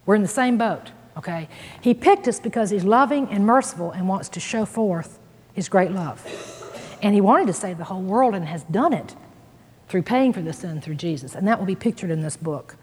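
A woman's voice: mid-range voice, lively intonation, moderate pace, a little mellow. A woman teaching a Bible lesson in an earnest, emphatic preaching manner. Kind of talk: sermon. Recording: long hall reverb, husky voice.

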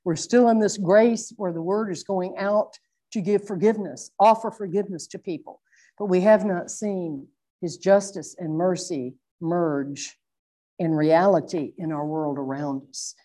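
A middle-aged woman preaching a sermon, earnest and reflective, slowing down to stress her points. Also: on the low side, dark tone. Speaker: Bible teacher.

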